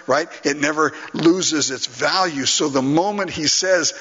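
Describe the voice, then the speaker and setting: A man's voice: on the high side, a little slow, few pauses, fairly bright tone, husky, in a large hall, muffled recording. A male pastor preaching an earnest, emphatic sermon, often breaking into laughter.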